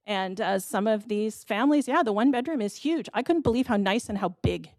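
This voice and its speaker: A woman's voice: mid-range voice, expressive, brisk, darkish tone, dry recording, clean studio sound. A woman in her thirties or forties speaking at a city council public hearing, impassioned and pleading, with brief laughs.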